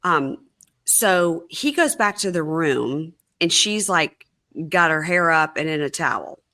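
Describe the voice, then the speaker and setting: A woman hosting a podcast, casually recapping a reality show episode and acting out the cast's lines in an animated way. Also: sits low, slow pace. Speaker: podcast host. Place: her sister's house, dim room.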